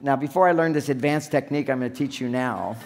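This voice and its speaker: A man's voice: mid-range voice, quick pace, darkish tone, slight background noise. A man giving a humorous seminar talk on relationships, acting out little scenes as he goes. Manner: joking, acts out little scenes. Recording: long hall reverb.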